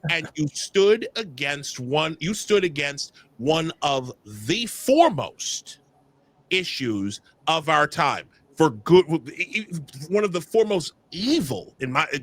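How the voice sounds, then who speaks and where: A man co-hosting a podcast in casual, animated chat, joking and often restarting his sentences. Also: a little high, slow pace. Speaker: podcast co-host.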